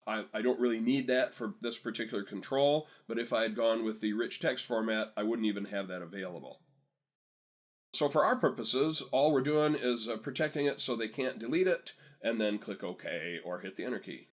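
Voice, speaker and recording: A man narrating a screen-recorded software tutorial in a relaxed, chatty way, often telling viewers to pause and catch up. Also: fairly low pitch. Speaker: software instructor.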